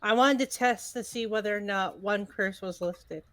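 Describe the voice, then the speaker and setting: Woman player, kinda hesitant, restarts a lot, average pitch. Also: moderate pace, fairly bright tone. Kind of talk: casual tabletop play.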